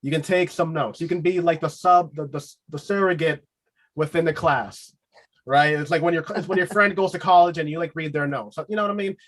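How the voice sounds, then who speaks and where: A man hosting a casual podcast interview, enthusiastic and quick to laugh, often repeating himself. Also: a little high, a bit bright. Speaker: podcast host.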